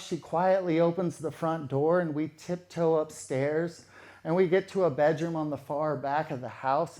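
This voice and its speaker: A man's voice: fairly high pitch, a little mellow. A man telling a true story in a casual, conversational way, repeating phrases for effect.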